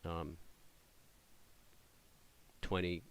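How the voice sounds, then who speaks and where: Man, very low voice, rambling live trading chatter, lots of ums and restarts, cheers at the chart. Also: flat delivery, drawn-out words, clear, resonant tone. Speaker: day trader streaming live trades. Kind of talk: casual live trading commentary.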